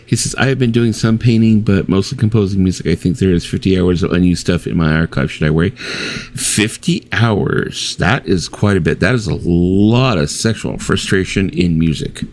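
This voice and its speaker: A man's voice: deep voice, normal speed. A middle-aged man hosting a casual late-night chat stream, swearing freely and acting out his own reactions as he tells stories. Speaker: stream host.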